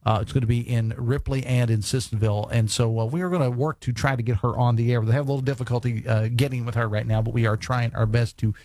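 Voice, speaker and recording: A man's voice: mid-range voice, fairly even intonation, quick pace, few pauses, darkish tone, no echo. Radio show guy rambling along with lots of uh's, dead dry studio mic. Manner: chatty, filler-heavy, frequent restarts. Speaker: radio talk show host. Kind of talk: live radio talk show hosting. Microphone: studio microphone.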